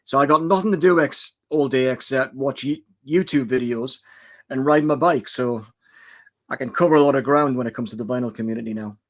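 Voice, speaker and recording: A man's voice: medium pitch, brisk. A retired man in his sixties, a guest on a live stream, chatting with loose enthusiasm about how he started. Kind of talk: casual chat on a live stream.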